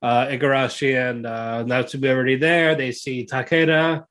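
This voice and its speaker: A man co-hosting a podcast, casually recapping anime episodes in a rambling way and acting out characters' lines in quick voices. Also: medium pitch, steady tone, a bit bright. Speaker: podcast co-host.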